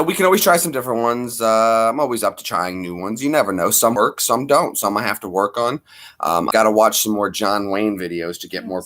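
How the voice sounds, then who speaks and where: Casting: male streamer, low voice, animated sing-song delivery, rambling. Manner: rambling, chatty, repeats himself. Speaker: live streamer. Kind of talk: casual live-stream chat.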